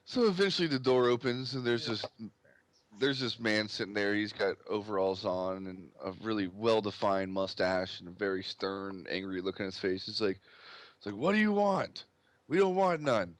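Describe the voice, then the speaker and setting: A man's voice: fairly low pitch, fairly even intonation, moderate pace, dry recording. A man narrating as game master in loose, casual speech with fillers.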